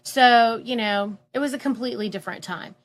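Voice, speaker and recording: A woman casually telling a personal story, animated and full of fillers, acting out the voices of people she quotes. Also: fairly high pitch, a little fast. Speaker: guest telling her story.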